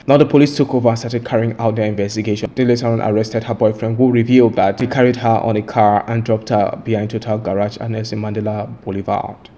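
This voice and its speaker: A man with a dark, mellow voice recounts a crime case. He then turns to opinion, repeating points emphatically and lecturing viewers directly. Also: fairly low pitch. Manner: repetitive, emphatic, lecturing delivery. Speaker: true crime channel host.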